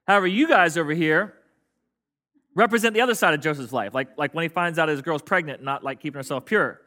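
A man's voice: fairly high pitch, quick pace, bright, forceful tone. A man preaching a sermon in a casual, joking way, getting his congregation to call out responses. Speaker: pastor. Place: church sanctuary with congregation.

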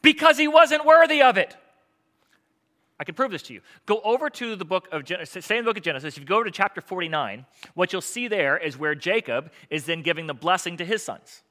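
A man preaching a sermon, telling the story in a lively, conversational way and acting out the characters' lines. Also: a little high, fast talker, few pauses. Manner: animated storytelling with acted-out quotes. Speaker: pastor.

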